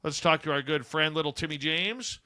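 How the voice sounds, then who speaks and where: A man's voice: on the high side, normal speed, bright, forceful tone, no echo. A man hosting a late-night radio show, chatting casually and reading upbeat promos into a studio mic. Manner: informal, chatty, upbeat announcer delivery.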